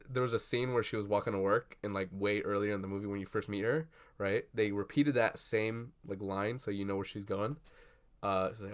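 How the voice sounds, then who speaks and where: A young man chatting casually at his desk about a film he just saw, rambling and swearing with lots of fillers and excited bursts. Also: on the low side, moderate pace, clear, resonant tone. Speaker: vlogger. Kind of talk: casual movie reaction chat. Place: at a desk indoors. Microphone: computer webcam.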